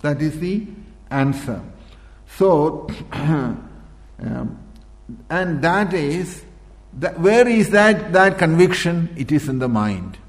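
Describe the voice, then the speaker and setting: A man's voice: on the high side, lively intonation, slow pace, long pauses. Man teaching in an echoey hall. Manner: repetitive, with rhetorical questions; frequent throat clearing. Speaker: spiritual teacher. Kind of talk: spiritual discourse. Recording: echoey hall with long reverb.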